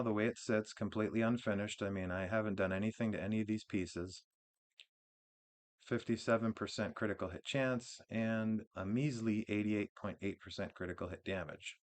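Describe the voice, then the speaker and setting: A man hosting his own gaming channel, casually walking through a game build in a relaxed, rambling way, with frequent restarts and fillers. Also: lowish voice, normal speed.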